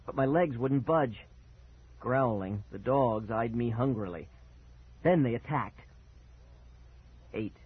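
Husky-voiced man narrating a story. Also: medium pitch, takes it slowly, long pauses. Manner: expressive, dramatic reading. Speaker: audiobook narrator. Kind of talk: first-person story narration. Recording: tinny phone-like sound.

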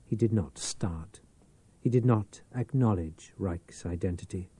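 A man narrating a novel in a measured, dramatic storytelling manner. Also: sits low, mellow, husky, no room sound. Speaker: audiobook narrator. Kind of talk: scripted narration.

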